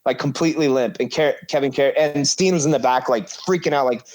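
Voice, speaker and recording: A man guest on a podcast, telling a story in casual, animated talk, acting out quotes and swearing freely. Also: medium pitch, a little fast.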